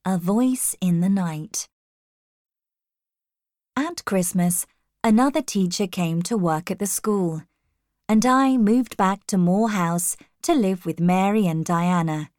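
A woman narrating a storybook in the first person, reading clearly and carefully. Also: medium pitch, takes it slowly, a little mellow, no echo, studio quality. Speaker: audiobook narrator.

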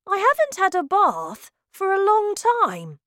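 A woman's voice: very high voice, huge pitch swings, measured pace, no room sound, clean studio sound, voice pushed up, exaggerated voice. A woman voicing an anxious young boy thinking to himself in a storybook reading. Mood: worried. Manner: anxious, hushed.

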